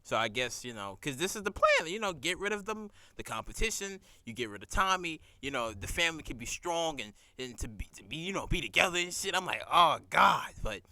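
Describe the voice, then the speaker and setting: A man recapping a TV episode in casual, profane chat, animated and laughing as he acts out scenes. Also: a little high, a little fast, hardly any pauses, no echo.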